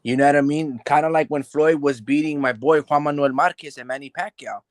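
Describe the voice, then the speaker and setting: A man with a somewhat high voice talks boxing in a loose, animated podcast chat. He keeps dropping "like" and "bro" and slips into acting out what the fighters were thinking. The sound is dry and close to the mic. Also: brisk, no echo. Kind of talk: casual boxing analysis chat.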